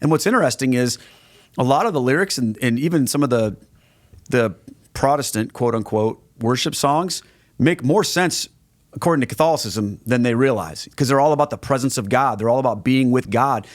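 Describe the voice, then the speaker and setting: A man's voice: medium pitch, a little fast, no echo, clean studio sound. A middle-aged man, a guest on a podcast, answering questions in an earnest, conversational way and often restarting his phrases. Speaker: guest, Catholic evangelist.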